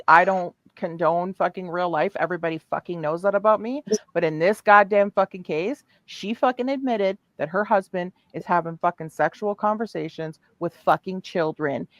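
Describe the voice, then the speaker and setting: A woman's voice: on the low side, fairly bright tone, no room sound, dull audio. A woman hosting a heated livestream callout, furious and heavily profane.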